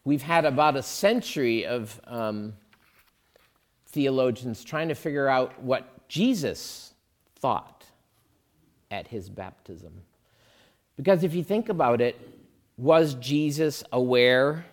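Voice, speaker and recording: Slow, conversational male preacher. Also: mid-range voice, expressive. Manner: conversational, thinking aloud with fillers and asides. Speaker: pastor. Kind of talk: sermon.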